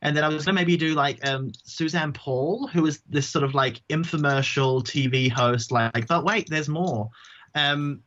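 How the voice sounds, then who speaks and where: A man, a drag queen guest chatting casually in an interview, self-mocking and quick to slip into silly voices. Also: a little high, fairly even intonation, fairly bright tone, highs cut off, slight background noise.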